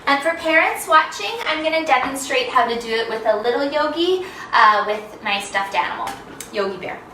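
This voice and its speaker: A woman's voice: high voice, animated, moderate pace, pushed and bright, roomy sound, recorded from a distance, slight background noise, low-quality recording. A young woman leading a children's yoga lesson, playful and sing-song, making animal sounds as she teaches.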